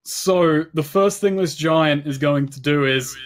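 A man's voice: fairly high pitch, a little slow. A man acting as game master in a tabletop game, explaining rules patiently with many fillers. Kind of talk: running a tabletop game online.

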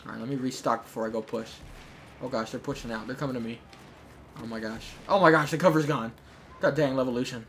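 A man giving jokey, chatty commentary over his own gameplay, breaking into shouts when things get tense. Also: medium pitch, steady tone, fast. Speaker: gaming YouTuber. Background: game gunfire.

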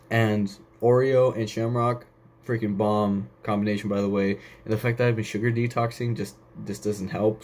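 A young man talks through a solo podcast episode in a loose, offhand way. His voice sits a little low, and he keeps wandering off topic before pulling himself back. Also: a little mellow, a little hiss or hum. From United States. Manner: rambling, goes off on tangents, swears casually. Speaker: podcast host. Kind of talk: casual solo podcast monologue.

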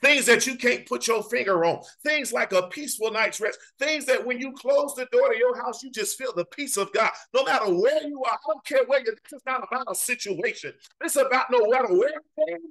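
A man's voice: very high voice, a little fast, few pauses, fairly bright tone, low-quality recording. A man teaching a Bible study in an impassioned, conversational preaching style, repeating phrases and speaking straight to his listeners.

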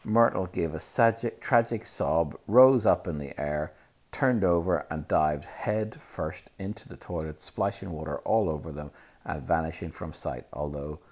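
A man reading a storybook aloud in a steady, measured narrating voice. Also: sits low. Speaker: audiobook reader.

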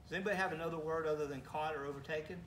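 A man preaches in a church sanctuary with an easygoing, questioning delivery and playful asides. His voice sits a touch high for a man. The recording is roomy and echoey, with the mic some distance away and a faint hiss underneath. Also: steady tone, rapid-fire, a bit bright. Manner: conversational, asks the congregation questions, teasing asides. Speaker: pastor. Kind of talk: sermon.

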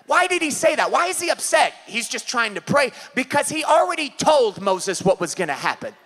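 A man with a Californian accent preaches a sermon in a very high voice. His tone is bright and ringing, and he keeps pushing into loud, impassioned shouts as he acts out scenes for the congregation. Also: big pitch swings, a little fast. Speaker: pastor. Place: church service.

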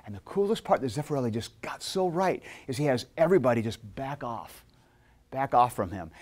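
Animated man lecturing a class. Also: medium pitch. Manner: casual, animated storytelling with jokes to students. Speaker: seminary professor.

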